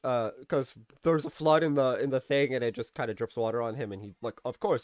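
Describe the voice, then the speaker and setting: A man's voice: mid-range voice, brisk, few pauses, no echo, studio quality. A man giving a casual, rambling review of a TV episode. He uses lots of fillers and restarts and acts out the characters' lines as he recaps.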